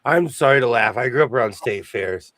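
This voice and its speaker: A man's voice: mid-range voice, animated, a little fast, fairly bright tone, dry recording. A man hosting a live sewing stream over a video call, chatty and self-mocking, greeting viewers by name. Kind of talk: casual chat.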